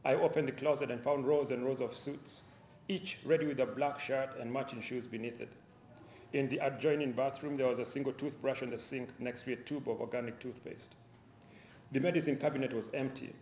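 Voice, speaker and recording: A man reads his own crime fiction to an audience in a university lecture hall, measured and steady, now and then restarting a phrase. His mid-pitched voice carries a roomy echo, with a faint hum of the hall behind it. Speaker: author reading his fiction. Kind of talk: public reading of a novel.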